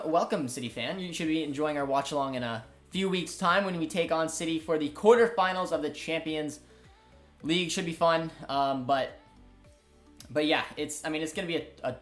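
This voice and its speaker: A young man with a slightly high voice hosts a live match stream, talking in an excited, chatty way and reading out the chat between plays. Faint music plays underneath his voice. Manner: excitable, chatty, frequent fillers. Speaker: host of a football watchalong stream.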